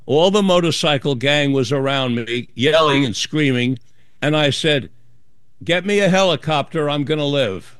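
A man whose smooth voice sits on the high side speaks at normal speed, recorded at studio quality with no echo. He's an author appearing as an interview guest, animatedly telling a story and acting out the voices of other people in it.

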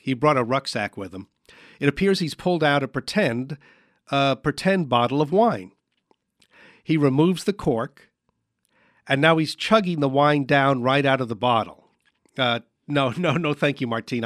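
A man hosting a comic radio sketch, calmly describing aloud what his silent guest is doing. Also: medium pitch, no room sound, studio quality. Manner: deadpan, describing the action aloud. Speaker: radio host. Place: radio studio.

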